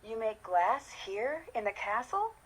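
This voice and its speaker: A woman's voice: on the high side, sing-song, unhurried, breathy edge, full character voice, rough recording. An actress voicing a curious, polite young female detective in a mystery game. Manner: inquisitive, matter-of-fact.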